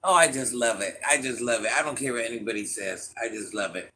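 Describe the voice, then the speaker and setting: A man talking casually to camera, gushing and swooning, sometimes dropping soft and low as he muses. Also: a little fast, slight background noise. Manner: gushing, dreamy, swooning over things he loves.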